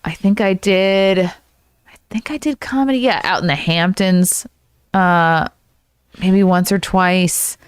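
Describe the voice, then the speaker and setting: A woman hosting a casual comedy podcast chat, bubbly and jokey with quick interjections. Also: lowish voice, clean tone, no room sound, clean studio sound. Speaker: podcast host.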